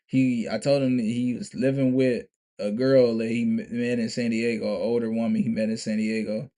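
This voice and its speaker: A man's voice: medium pitch, flat delivery, normal speed, dark tone. A young man telling a story to camera in a casual, profane, emphatic way, restarting and repeating himself often. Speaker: vlogger.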